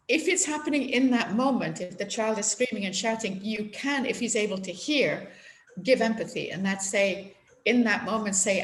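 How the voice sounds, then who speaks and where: Gentle woman giving parenting advice. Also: mid-range voice. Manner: gentle, explanatory, acts out parent quotes. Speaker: parenting expert guest. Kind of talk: conversational advice on video call. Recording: echoey room with faint noise.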